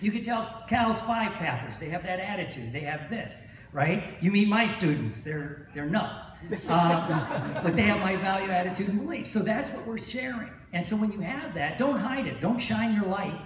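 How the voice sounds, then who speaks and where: Middle-aged male speaker with a high voice, motivational convention talk, storytelling, heard from far off in an echoey hall. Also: expressive, normal speed, a little hiss or hum. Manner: storytelling, repeats phrases, asks "right?". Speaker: hypnosis instructor.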